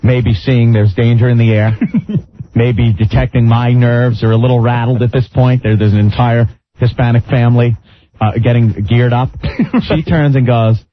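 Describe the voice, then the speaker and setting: A man hosting a talk radio show, telling a long story in an animated way and acting out its people. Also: mid-range voice, normal speed, no room sound. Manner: animated, breaks into laughter, acts out the people in his story. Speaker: radio host. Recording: lo-fi radio broadcast.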